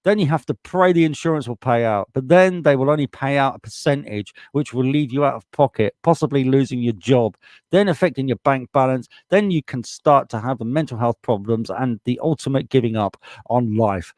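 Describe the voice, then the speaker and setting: A man's voice: medium pitch, fairly quick, a little mellow, no room sound, clean studio sound. A man with a British accent hosting a live stream, reading out viewer comments in a casual, blunt way and swearing freely as he gets heated. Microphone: desktop USB microphone.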